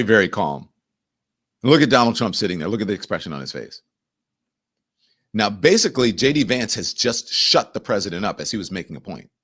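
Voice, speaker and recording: A man hosting a show, giving animated, exasperated political commentary over news clips. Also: fairly low pitch, slightly rough. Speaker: show host.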